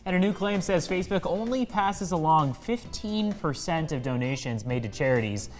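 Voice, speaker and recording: Female news co-anchor, low voice, animated, casual banter. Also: normal speed, faint music behind.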